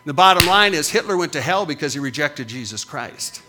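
A man's voice: fairly high pitch, lively intonation, a little fast, sharp tone. A middle-aged man preaching as a pastor, with emphatic, punchy repetitions that rise and fall. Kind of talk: sermon.

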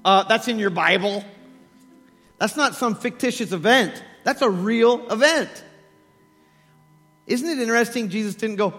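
A man preaching a sermon, telling scripture stories with animated acted-out voices and laughter. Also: sits high, unhurried, pauses often, big-room sound, faint music behind.

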